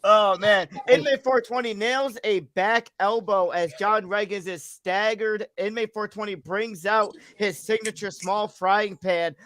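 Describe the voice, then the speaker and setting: A host giving excitable play-by-play commentary for a storytelling wrestling stream, shouting and swearing at the big moments. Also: medium pitch, takes it slowly, no room sound.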